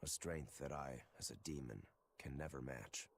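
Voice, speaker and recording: Blunt demon swordsman, very deep voice, gruff, faint hiss behind. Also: normal speed. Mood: brooding.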